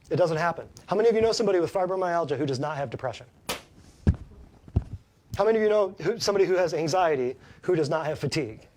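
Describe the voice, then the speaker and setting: A man's voice: on the high side, darkish tone, slight background noise. A man who works as a chiropractor, giving a folksy, emphatic health talk to a small live audience and keeps asking them questions.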